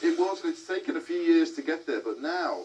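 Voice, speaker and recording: A man's voice: a little high, lively intonation, brisk, a little mellow. Chatty scouse man demonstrating a recipe. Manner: chatty, explaining as he cooks. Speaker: cooking show host. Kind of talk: cooking demonstration. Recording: distant mic with background music.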